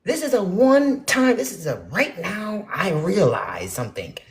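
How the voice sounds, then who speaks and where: A young woman rants bluntly and profanely to her viewers, swinging between loud outbursts and muttered asides. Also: mid-range voice, sing-song, a little slow. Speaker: spiritual vlogger. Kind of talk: ranting casual monologue to viewers.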